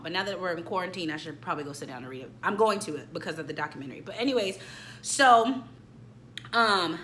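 Bright-voiced chatty young woman. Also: fairly low pitch, a little hiss or hum. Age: late 20s. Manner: animated, chatty, addresses viewers as y'all. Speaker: YouTube movie reviewer. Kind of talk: casual chat review.

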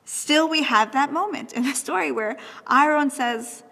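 A young adult woman lecturing on texts, thoughtful and animated, often checking in with "right?". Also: high voice, measured pace, gravelly, in a large hall.

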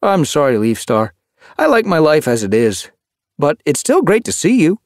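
A well-fed male house cat, cheerful and a touch smug, speaking in a raised, lively voice, put on by a male narrator. His talk bounces around, recorded close and dry. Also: a little high, normal speed, no room sound, voice pushed up.

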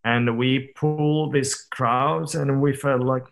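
A man over thirty talks as a podcast guest, working through his stories in a loose, candid way. He circles back often with fillers and half-started words, and his pitch sits in an ordinary middle range. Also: steady tone, takes it slowly, vocal fry. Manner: candid, reflective storytelling with frequent fillers and restarts. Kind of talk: casual conversational interview.

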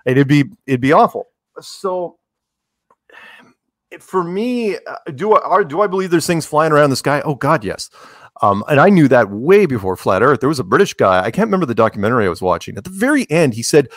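A man in the middle pitch range talks loosely through a podcast interview, stacking up tangents and tossing in jokes and quick voiced asides. The sound is dry and close, with no room around it. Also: no room sound. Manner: rambling, joking, animated asides. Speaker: podcast guest. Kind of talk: casual interview talk.

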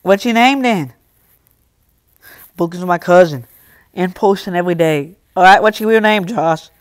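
A man's voice: high voice, moderate pace, clean tone, no room sound, studio quality. A young man live streaming, reading and answering his chat in casual talk, scolding some viewers and joking with others. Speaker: livestreamer.

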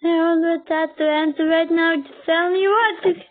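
High, gushing woman reacting, lo-fi. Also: steady tone, normal speed. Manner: gushing, bursts into squeals and whoops. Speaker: reaction video host. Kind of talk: excited reaction commentary.

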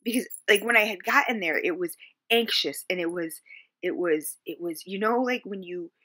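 A woman vlogger telling a personal story to camera, halting and searching for words with many fillers, soft and subdued, sometimes sinking toward a whisper. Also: fairly low pitch.

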